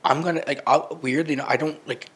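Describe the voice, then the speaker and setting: A young man in relaxed podcast conversation with a slightly husky voice. He speaks hesitantly, restarting his sentences and trailing off with fillers. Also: fairly high pitch, a little fast. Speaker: podcast co-host. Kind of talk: casual chat.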